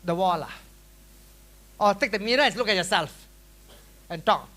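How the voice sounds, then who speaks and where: A middle-aged man with a Malaysian English accent, giving a lively workshop lecture that is full of questions and teasing to a room of students. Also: sits high, normal speed. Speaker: workshop teacher. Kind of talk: classroom lecture.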